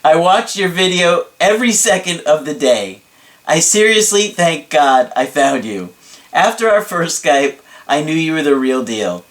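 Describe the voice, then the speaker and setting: A man voicing an excitable young male client who reads out his thanks in a dramatic, drawn-out way. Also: on the high side. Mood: effusive. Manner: drawn-out, emphatic delivery.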